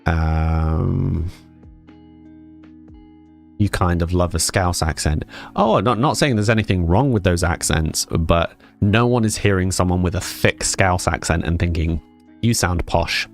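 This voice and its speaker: Over soft background music, a man from Scotland talks in a deep, slightly slow, creaky voice. He's streaming and chatting casually, reading out viewers' comments and laughing often as he replies.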